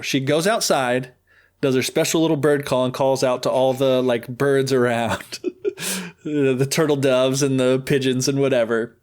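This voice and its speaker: A man's voice: medium pitch, fairly even intonation, unhurried, a little mellow. A male podcast host retells a fairy tale in a loose, joking way. He is chatty and full of fillers. His voice sits in an ordinary middle register. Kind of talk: casual storytelling.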